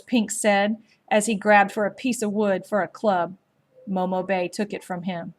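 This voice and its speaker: A woman narrating a story aloud in a slow, measured, gently expressive storybook reading. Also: mid-range voice.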